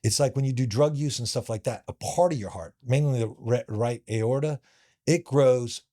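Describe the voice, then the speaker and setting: A man, a former professional fighter, who is a podcast guest and tells a story in casual conversation. He is animated and talks in restarts, full of "like"s. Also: medium pitch, moderate pace.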